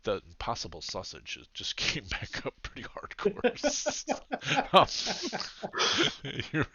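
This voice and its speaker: A man's voice: medium pitch, huge pitch swings, slow, lo-fi sound, background noise. A man narrating as game master in a rambling, self-deprecating way, laughing often.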